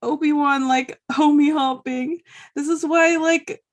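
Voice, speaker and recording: A woman co-hosting a podcast with a somewhat high voice. She chats casually, laughs often and fills her speech with filler words. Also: steady tone, unhurried. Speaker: podcast co-host. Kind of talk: casual chat.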